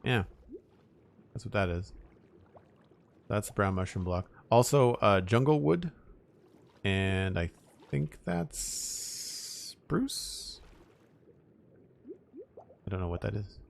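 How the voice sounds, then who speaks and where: A middle-aged man chats casually on a live stream, calmly thinking aloud as he works and greeting viewers by name. His voice sits low and carries a gravelly, fry-touched texture. He speaks into a desk microphone. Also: measured pace, long pauses. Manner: relaxed, thinks aloud while building, thanks viewers by name. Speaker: streamer playing a building game.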